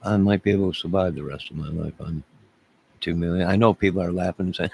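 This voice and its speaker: Low gravelly man around fifty ranting. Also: fairly even intonation, normal speed, a little mellow. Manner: rambling, exasperated, repeats phrases. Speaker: livestreamer talking to his chat. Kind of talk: rambling livestream rant.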